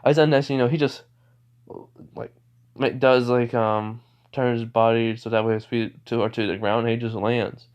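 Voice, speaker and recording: A man's voice: mid-range voice, fairly even intonation, normal speed, a little mellow, smooth. A young man casually retelling a fan story, rambling with many restarts, in a dull lo-fi recording. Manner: rambling, many fillers and restarts, laughs often.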